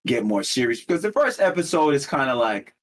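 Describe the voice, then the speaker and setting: A young man co-hosting a podcast, talking in a halting, slangy way and restarting his sentences often. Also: medium pitch, sing-song. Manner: halting, repeats himself, slangy. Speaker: podcast co-host. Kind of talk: casual chat.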